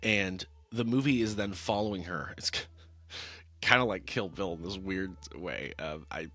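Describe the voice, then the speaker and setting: A man's voice: low-pitched, moderate pace, sharp tone. A man casually reviewing a film on camera, wry and rambling with many restarts. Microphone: talking-head camera mic.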